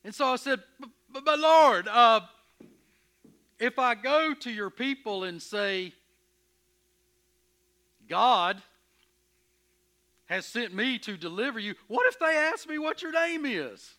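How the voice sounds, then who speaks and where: A man playing Moses in a dramatic first-person sermon, telling his story with emphatic, expressive energy and stammering when anxious. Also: very high-pitched, slow pace, long pauses, full character voice. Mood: flustered. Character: Moses, earnest, stubborn, curious shepherd. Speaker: preacher in character.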